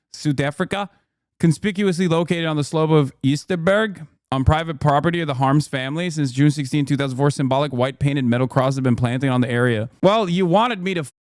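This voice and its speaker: A man's voice: a little high, a little mellow, no room sound, studio quality. A man hosting a stream, giving sarcastic, profane political commentary while reading and ranting. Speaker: streamer host.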